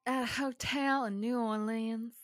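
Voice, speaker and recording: A woman voicing a genteel Southern belle telling a ghost story in a put-on Southern US accent, in a slow, drawn-out way. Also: a little high, steady tone, no echo, clean studio sound, natural voice. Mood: spooky drawl.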